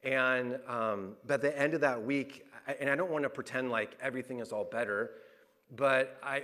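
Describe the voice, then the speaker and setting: A man's voice: mid-range voice, moderate pace, pushed and bright. Candid middle-aged man preaching a sermon. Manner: personal and candid, many restarts and fillers; repeats phrases for emphasis. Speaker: pastor.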